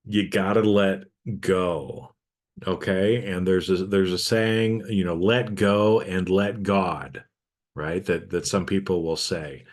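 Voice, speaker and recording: Middle-aged male podcast host, somewhat low voice, easygoing reflective talk that keeps checking in with listeners. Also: steady tone, slow. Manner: conversational, frequent "okay?" check-ins with listeners. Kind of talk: casual reflective podcast monologue.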